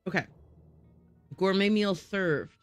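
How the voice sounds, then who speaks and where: A woman's voice: mid-range voice, takes it slowly, smooth, no echo, faint music behind. A woman streaming a game, thinking aloud and muttering to herself as she works through word puzzles. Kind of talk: casual gameplay livestream.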